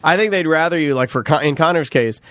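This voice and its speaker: A man's voice: a little high, fast talker, a bit bright, no room sound. A man hosting a casual studio chat, joking and riffing. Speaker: host.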